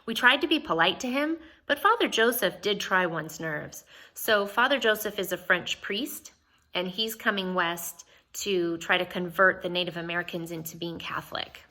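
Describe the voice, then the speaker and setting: Bright-voiced woman reading a novel aloud. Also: on the low side. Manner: expressive, pauses to explain to listeners.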